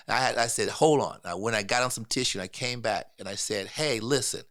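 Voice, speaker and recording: A man, a podcast guest, telling a personal story in casual talk, getting emotional and quoting others in a soft low voice. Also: quick pace, few pauses.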